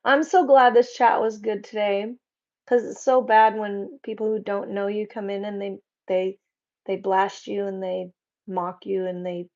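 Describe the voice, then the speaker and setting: A woman hosting a casual live chat, reading out viewers' comments and joking around with a quick laugh. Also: mid-range voice, steady tone, a little mellow. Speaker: livestream host. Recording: slightly dull lo-fi stream audio.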